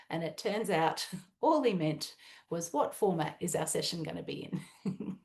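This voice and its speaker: A woman's voice: low voice, moderate pace, darkish tone. Aussie woman chatting through a webinar talk, casual, lots of ums. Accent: Australian. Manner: chatty, conversational, with frequent "um". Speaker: webinar presenter.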